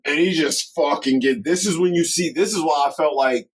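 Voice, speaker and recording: A man's voice: a little high, moderate pace, husky, rough recording. A man co-hosting a podcast, reviewing a film in casual chat, swearing a lot, laughing often and acting out characters. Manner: profane, animated, laughs often, acts out characters. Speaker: podcast co-host.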